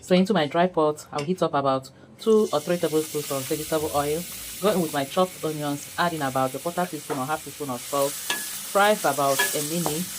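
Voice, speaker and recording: A woman's voice: sits low, fairly quick, music in the background, poor audio. A woman hosting a home cooking tutorial. She talks viewers through each step in a chatty way and laughs often. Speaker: cooking channel host. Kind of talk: casual cooking tutorial narration.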